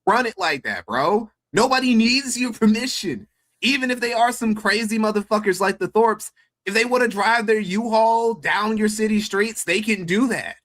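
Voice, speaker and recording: Man, crude mocking stream chat, fairly high pitch. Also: moderate pace, fairly bright tone. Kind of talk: casual stream commentary.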